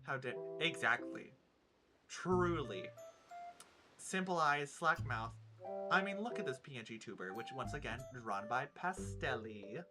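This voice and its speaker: A man's voice: medium pitch, lively intonation, a little slow, music in the background. A man with a Minnesotan accent chatting playfully over a game stream, joking and swearing. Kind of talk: casual gaming stream commentary.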